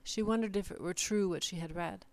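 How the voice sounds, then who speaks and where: A woman giving a measured, deliberate reading of short numbered literary passages. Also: on the low side, a little mellow. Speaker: reader.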